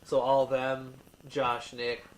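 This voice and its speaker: A man's voice: medium pitch, monotone, takes it slowly, a little hiss or hum, rough recording. A man co-hosting a podcast in casual chat, rambling with many fillers and restarts. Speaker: podcast co-host.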